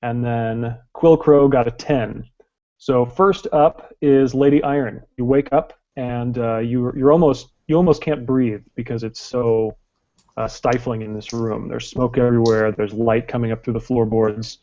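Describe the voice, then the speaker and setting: A man runs a tabletop game as its game master, his voice mellow and relaxed. He works through the rules one step at a time, with plenty of ums and uhs. The recording sounds dull and lo-fi. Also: medium pitch, measured pace. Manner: explains rules step by step, many fillers.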